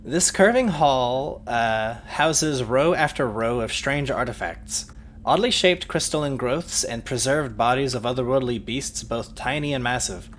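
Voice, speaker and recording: Bright-voiced man narrating as game master. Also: medium pitch, a little hiss or hum. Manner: descriptive narration, laughs often.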